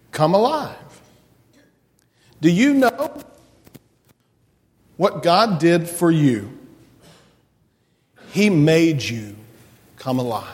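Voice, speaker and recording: A man's voice: a little high, in a large hall. A man giving a children's message in church, asking children playful questions and leading a prayer. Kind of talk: children's sermon. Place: church sanctuary.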